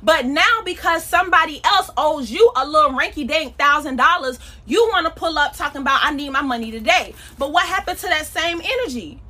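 Bright, high-voiced woman preaching. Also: animated, brisk, few pauses. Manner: conversational, emphatic, slangy. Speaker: podcast preacher. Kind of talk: casual sermon.

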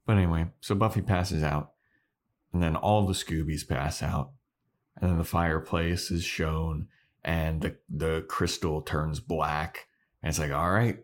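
Low-voiced man recapping a show. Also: steady tone, measured pace. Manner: loose scene-by-scene recapping with laughs. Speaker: podcast co-host. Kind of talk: casual chat.

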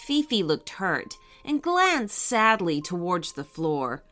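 Woman host, kids' storybook narration; bright, slow, sing-song delivery. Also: lowish voice, soft background music. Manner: warm, expressive reading aloud to kids.

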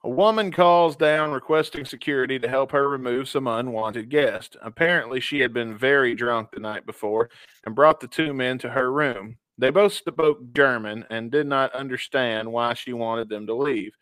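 A man with a smooth, resonant voice co-hosts a casual podcast, reading out listener stories in an easy, laid-back way. The sound is dry and close, with no room around it. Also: mid-range voice, moderate pace, fairly bright tone, no room sound. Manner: laid-back, reads stories aloud and ranks them, chuckling. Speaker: podcast co-host.

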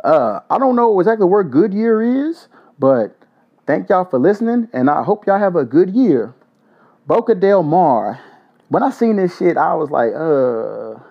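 A man hosting a casual solo podcast, blunt and profane, giving joking shout-outs. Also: high-pitched. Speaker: podcast host. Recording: dull lo-fi audio.

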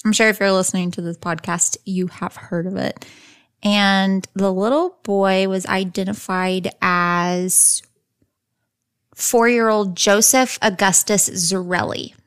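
A woman's voice: mid-range voice, steady tone, slow pace, a bit bright, clean tone. A woman hosting a true crime podcast, telling a case from her notes in a casual, chatty way with playful asides. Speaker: podcast host. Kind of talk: casual chat and case narration.

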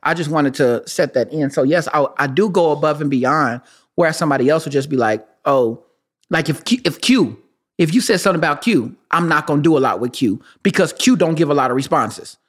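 A man co-hosting a casual podcast chat, an animated storyteller who laughs often. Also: a little high, fairly quick. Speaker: podcast co-host.

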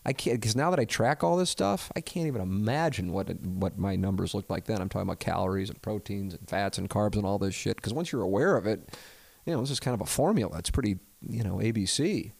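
Low gravelly man rambling candidly. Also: lively intonation, quick pace, darkish tone, dry recording. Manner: hesitant and rambling, self-deprecating, swears freely. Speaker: podcast host. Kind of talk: candid reflective chat.

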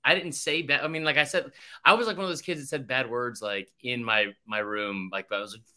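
A young sports podcast co-host rambles through stories in a mid-range, steady, brisk voice that comes across pushed and bright, swearing a lot and voicing the quotes in his tales.

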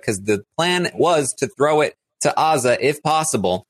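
A man's voice: mid-range voice, lively intonation, brisk, hardly any pauses. Male co-host, loose and chatty, explains strategy, laughs often. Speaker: podcast co-host. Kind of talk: casual live-stream recap chat.

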